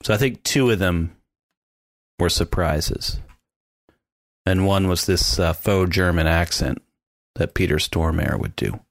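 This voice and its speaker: A man co-hosting a podcast in casual chat, animated and mimicking sounds as he describes scenes. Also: low-pitched, unhurried, gravelly, long pauses, dry recording, clean studio sound. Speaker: podcast co-host.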